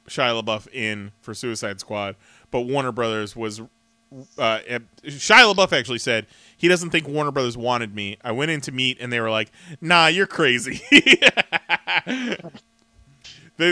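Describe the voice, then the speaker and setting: A man co-hosting a comics podcast in casual chat, animated, laughing and swearing freely as he runs through the news. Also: medium pitch, no room sound. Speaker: podcast co-host.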